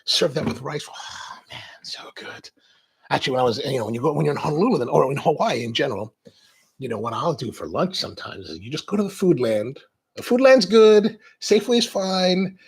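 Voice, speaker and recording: Male host, a little high-pitched, with a rough, fry-heavy voice; casual, rambling chat full of restarts. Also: animated, quick pace. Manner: rambling, tangential, many restarts. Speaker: coffee show host.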